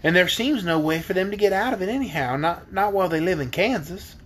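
A man's voice: high-pitched, lively intonation, fast, a little hiss or hum. A man reading a storybook aloud, voicing an earnest young farm girl who talks in plain homespun words. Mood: worried.

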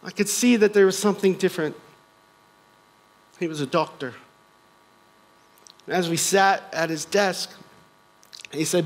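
American guy, fairly high voice, middle-aged, telling his own story at church, earnest w/ a bit of joking at himself. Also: normal speed, pauses often, low-quality recording. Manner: earnest storytelling with light self-deprecating humor. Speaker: guest speaker. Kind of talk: personal testimony talk.

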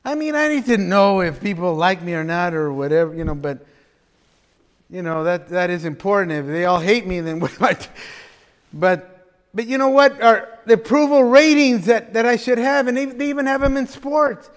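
High-voiced pastor preaching in a reverberant church. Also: male voice, normal speed. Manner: chatty, folksy asides with frequent laughter and restarts. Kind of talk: conversational expository sermon. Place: church sanctuary.

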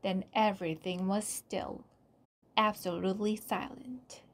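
Slow, soft storybook reader. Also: female voice, mid-range voice, fairly even intonation. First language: Korean. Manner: soft, often dropping to a whisper. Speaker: channel host reading aloud. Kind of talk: slow read-aloud storybook narration.

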